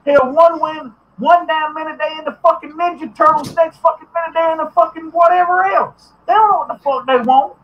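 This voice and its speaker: A man's voice: very high voice, steady tone, fairly quick, few pauses, muffled recording. A man hosting a podcast, ranting bluntly and profanely, getting heated at times. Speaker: podcast host. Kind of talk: ranting commentary.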